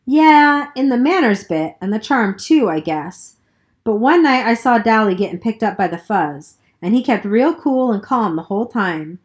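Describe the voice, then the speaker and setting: A woman reading aloud, voicing a scared, soft-spoken teenage boy on the run in a quavering, miserable tone. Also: a little high, animated, moderate pace, natural voice. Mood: earnest. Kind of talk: audiobook reading.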